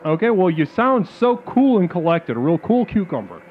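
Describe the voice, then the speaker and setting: A man hosting a comedic call-in show, talking like a calm guru and then breaking into sudden crude outbursts. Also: high-pitched, moderate pace, slight background noise. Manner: mock-serene guru talk, abrupt crude outbursts. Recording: phone-like lo-fi sound with faint music.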